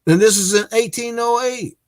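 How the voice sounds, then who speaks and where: A man giving a religious history lecture, hesitant, with many filler pauses and restarts. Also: extremely high pitch, no room sound.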